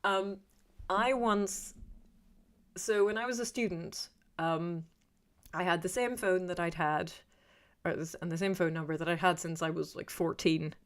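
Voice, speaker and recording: Woman streamer, slightly low pitch, loose digressive chat, dry self-mockery. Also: steady tone, a little slow. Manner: chatty, digressive, self-deprecating. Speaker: YouTuber reading live chat. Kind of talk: casual livestream chat.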